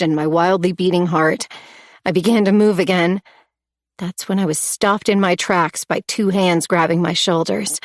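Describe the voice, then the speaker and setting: Female audiobook narrator, low-leaning voice, dry recording, tense emotional read. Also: dry recording. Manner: emotional, tense dramatic reading. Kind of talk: first-person audiobook narration.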